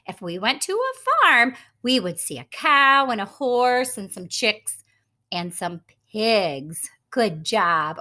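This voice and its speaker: A woman reads a picture book to little kids, her voice swooping far up and down with every line. She speaks slowly and a little high, coaxing her listeners along like a patient teacher at storytime. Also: fairly bright tone. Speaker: children's story reader. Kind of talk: reading a picture book aloud to children.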